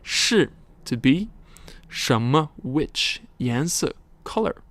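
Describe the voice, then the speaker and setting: A man teaching a recorded language lesson, slowly explaining words, tones and examples. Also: medium pitch, big pitch swings, fairly bright tone.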